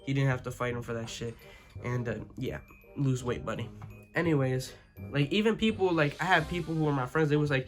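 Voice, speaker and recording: A young vlogger tells a casual storytime about school, rambling loosely, swearing freely, and checking in with "you know what I'm saying." He talks fairly quickly at an ordinary middle pitch, while a soft guitar track plays faintly behind him.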